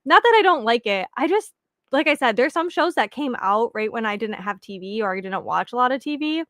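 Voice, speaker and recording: A woman's voice: on the high side, fairly bright tone, no echo, studio quality. A young woman chatting casually with viewers as the host of a reading sprint stream, rambling and giggling with lots of fillers.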